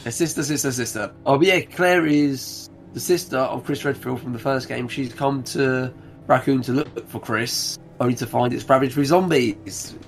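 A man's voice: medium pitch, normal speed, creaky, faint music behind. A man co-hosting a casual podcast about video games, rambling enthusiastically with restarts. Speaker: podcast co-host.

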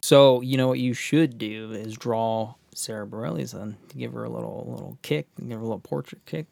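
Gravelly man chatting loosely. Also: mid-range voice, moderate pace, darkish tone, dry recording. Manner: loose, filler-heavy talk. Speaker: podcast co-host. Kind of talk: casual chat.

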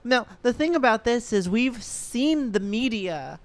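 A woman's voice: a little high, expressive, unhurried. A woman co-hosting a casual chat, explaining a movie's premise in a dry, matter-of-fact way. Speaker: podcast co-host. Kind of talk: casual trailer reaction chat.

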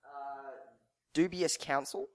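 A man co-hosting a casual hobby podcast, excitable and gushing. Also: mid-range voice, slow. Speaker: podcast co-host. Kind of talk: casual chat.

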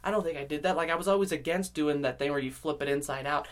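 A man hosting a podcast alone, rambling casually with constant swearing and swings between loud outbursts and low mutters. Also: fast. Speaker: podcast host. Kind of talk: casual rambling solo monologue.

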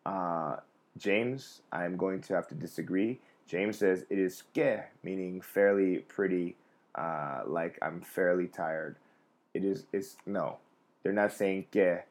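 A young adult man, a comedian hosting a live stream, telling rambling, profane, self-mocking stories in casual chat. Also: sits low.

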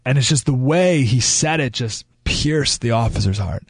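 A man's voice: mid-range voice, lively intonation, moderate pace, husky, dry recording. A man hosting a radio talk show, delivering an opinionated monologue with emphatic restarts and asides, recorded on a studio microphone.

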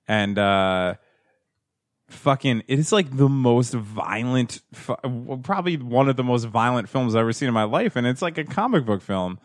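A man's voice: mid-range voice, lively intonation, moderate pace, no room sound, clean studio sound. A man chatting casually, rambling and stumbling with fillers while he hunts for names. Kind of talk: casual crude banter.

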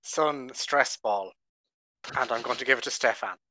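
A man's voice: mid-range voice, normal speed, pushed and bright, a little hiss or hum, low-quality recording. A man playing a tabletop game, laying out plans matter-of-factly. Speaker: player. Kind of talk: casual tabletop play.

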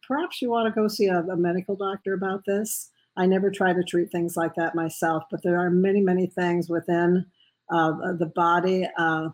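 A woman guest answers interview questions, pausing often with ums and uhs. Her voice sits slightly low. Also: a little mellow, rough recording. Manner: hesitant, many fillers. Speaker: guest, medical intuitive.

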